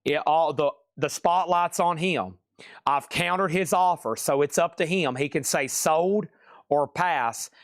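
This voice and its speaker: A man hosting a live online record sale, firing off prices and titles in quick, excitable patter. He keeps breaking into exclamations. His voice sits close and dry, with no room sound around it. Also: fairly high pitch, no room sound. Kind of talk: live-stream sales patter.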